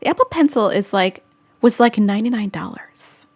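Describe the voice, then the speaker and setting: A woman's voice: medium pitch, lively intonation, moderate pace. A woman vlogger hosting a casual live-stream chat, chatty and giggly as she answers viewer comments.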